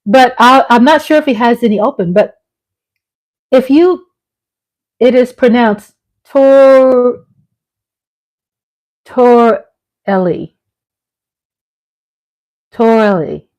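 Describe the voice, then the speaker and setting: A woman's voice: fairly high pitch, a little slow, long pauses. A woman with a Southern US accent hosting a casual livestream vlog, chatty and playful, laughing often. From Texas. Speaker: vlog host.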